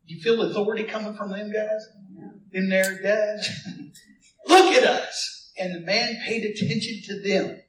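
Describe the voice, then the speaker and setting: A male pastor preaching in a fairly high voice, animated and playful, calling on the congregation to answer him. The sound is roomy and echoey, and he seems set back from the mic. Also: normal speed, distant mic, slight background noise. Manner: animated preaching with call-and-response and playful asides. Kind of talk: sermon.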